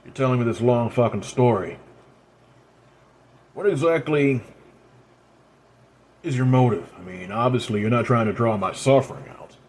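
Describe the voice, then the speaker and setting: A man plays a bitter, exhausted man in a spoken crime-fantasy story. He mutters bluntly and crudely at a middle pitch, and faint noise sits behind him. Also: normal speed, long pauses, darkish tone, close to an everyday voice. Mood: bitter weary.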